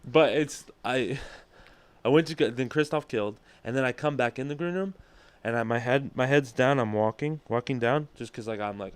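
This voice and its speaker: A man's voice: mid-range voice, normal speed, smooth, dry recording. A man telling stories in casual podcast chat, swearing a lot and acting out what others said. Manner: animated storyteller, heavy swearing, acts out quotes. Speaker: comedian guest.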